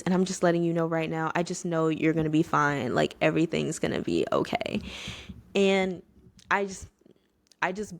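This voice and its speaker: A woman's voice: on the low side, gravelly. A young woman in her twenties, casually telling a candid personal story in a conversational way, full of fillers. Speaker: vlogger.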